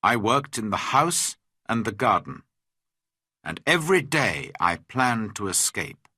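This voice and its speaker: Slow, expressive male storyteller. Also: fairly low pitch, dry recording, studio quality. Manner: slow, clear, expressive reading. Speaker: audiobook narrator. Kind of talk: scripted storybook narration for learners.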